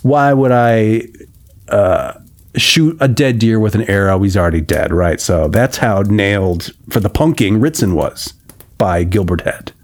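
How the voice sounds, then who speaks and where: A man's voice: on the low side, a little slow. A man reading an old novel aloud and breaking off for wry, joking asides. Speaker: reader and commentator.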